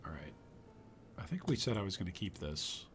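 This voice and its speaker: Man streaming a game, voice going hoarse. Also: sits low, big pitch swings, normal speed, slight background noise. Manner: thinking aloud, trailing off, frequent restarts. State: losing his voice. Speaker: gaming streamer. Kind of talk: casual live-stream commentary while playing.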